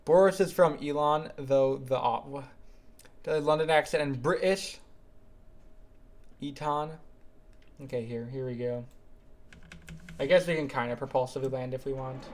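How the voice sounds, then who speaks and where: A young man streaming live gameplay and chatting with viewers, excitable and suddenly louder when something happens. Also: mid-range voice, normal speed, pauses often.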